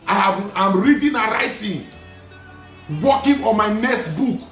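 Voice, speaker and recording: A man who is a Nigerian Catholic priest, preaching emphatically and repeating lines, slipping into pidgin and shouting at the peaks. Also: sits high, expressive, unhurried, echoey room, faint music behind. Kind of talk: preaching sermon. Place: studio.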